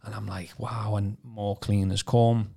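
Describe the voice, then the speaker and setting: A man from Birkenhead, telling his testimony on a podcast in a casual, animated way with stammering repeats. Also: lowish voice, normal speed. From Birkenhead, England. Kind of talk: casual storytelling.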